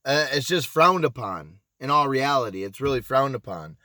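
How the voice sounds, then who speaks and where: A man's voice: medium pitch, expressive, moderate pace, sharp tone, dry recording. A man who used to be a casino pit boss tells a story in casual, blunt vlog talk. He swears, restarts his sentences and keeps asking "you know what I'm saying?". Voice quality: blunt, profane, repeats himself.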